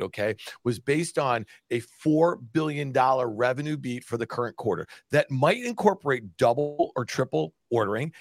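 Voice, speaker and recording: A man's voice: mid-range voice, no room sound, studio quality. A man making a blunt, insistent argument on a market panel show. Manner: blunt, insistent, repeats "listen" and "okay". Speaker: market analyst, show regular.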